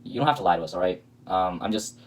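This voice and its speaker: A man's voice: low-pitched, expressive, fast, rough recording. A man hosting a reaction video, talking casually with sarcastic, indignant, rambling commentary.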